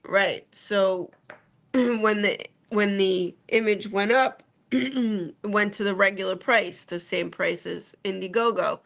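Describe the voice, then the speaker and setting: A woman co-hosting a live stream, explaining matters in a measured, casual way. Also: mid-range voice, vocal fry, fairly bright tone. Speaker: co-host handling crowdfunding.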